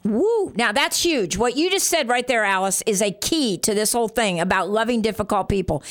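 A woman's voice: on the high side, lively intonation, brisk, few pauses. Enthusiastic woman radio talk host. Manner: enthusiastic, exclaims and affirms often.

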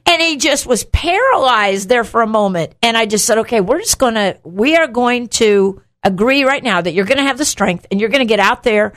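Middle-aged church lady hosting a faith talk show, kinda high voice, acts out the voices, laughs a lot. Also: normal speed, hardly any pauses. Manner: animated storyteller, acts out voices, laughs often. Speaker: co-host of a Christian talk show. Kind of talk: casual faith talk, storytelling.

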